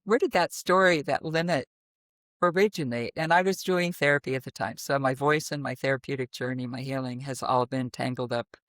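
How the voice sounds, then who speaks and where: This interview guest, a voice teacher from the middle of the United States, has a naturally deep voice and talks at a fairly quick clip. Her storytelling is lively and expressive, punctuated by abrupt vocal demonstrations, all captured in clean studio sound without room noise.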